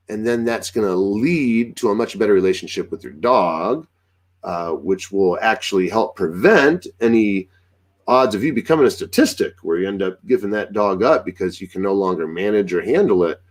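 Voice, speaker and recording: A man giving casual dog-training advice, acting out what dogs and owners might say. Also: on the low side. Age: adult with a young daughter. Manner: animated, acts out dialogue with dogs and owners.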